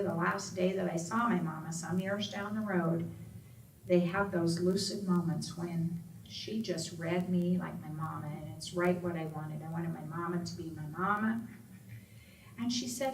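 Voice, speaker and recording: A woman's voice: lowish voice, normal speed, a little hiss or hum. A middle-aged woman, an Alzheimer's advocate, telling a personal story to an audience and voicing the people in it. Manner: expressive storyteller, quoting others in raised voices. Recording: echoey room from far off, faint ambience.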